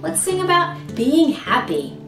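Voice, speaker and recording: Woman children's librarian, high lively sing-song voice, unhurried, roomy room with guitar music. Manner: animated, sing-song, exaggerated expressions. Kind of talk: singing and talking to toddlers.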